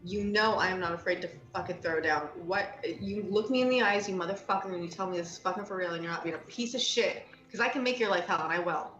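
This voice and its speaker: A woman's voice: on the low side, quick pace, hardly any pauses, a bit bright, dull audio, soft background music, lightly acted. A woman playing a brash young satyr cheerleader, who swears, threatens and blusters. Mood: threatening. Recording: echoey room.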